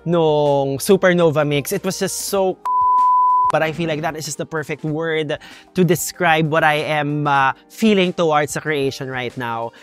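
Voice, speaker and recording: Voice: mid-range voice, moderate pace, soft background music. A podcast co-host with a Filipino accent, supportive and joking, chatting in English mixed with Filipino. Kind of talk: casual podcast chat mixing English and Filipino.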